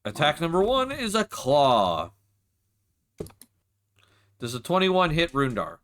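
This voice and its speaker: A man running a tabletop role-playing game as game master, narrating attacks and rolls in a casual, unhurried way and swearing when flustered. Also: fairly high pitch, wildly swooping pitch, fairly bright tone.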